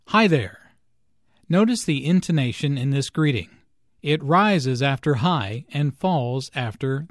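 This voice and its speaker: A man reading a scripted English lesson, explaining grammar slowly and clearly. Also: mid-range voice, no echo, studio quality. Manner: slow, clear, carefully enunciated. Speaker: English teacher. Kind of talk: scripted language lesson with dialogues.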